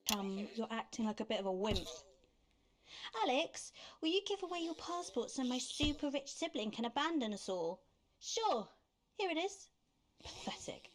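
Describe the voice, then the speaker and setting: A woman's voice: high voice, very animated, normal speed. An actress voicing a scheming, mocking news anchor in a game, sly and seductive in her delivery. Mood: taunting. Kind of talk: game voice acting.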